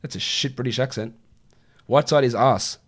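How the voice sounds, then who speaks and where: Brief: man in his thirties, livestream Q&A host, blunt and sweary, quick to rant. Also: medium pitch, animated. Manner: blunt, swearing, exasperated rants. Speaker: fantasy basketball streamer answering viewer questions. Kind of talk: casual livestream Q&A.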